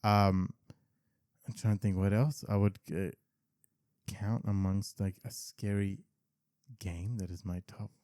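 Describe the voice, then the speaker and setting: A man co-hosting a podcast in casual chat, relaxed and rambling, with lots of "like" and restarts. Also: lowish voice, takes it slowly, long pauses, dry recording, clean studio sound. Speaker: podcast co-host.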